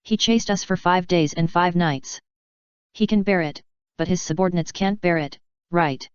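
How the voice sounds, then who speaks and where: Woman voicing a young male pirate apprentice, smooth, dry close sound. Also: on the low side, moderate pace, no echo, close to an everyday voice. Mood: weary. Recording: dull dry lo-fi audio.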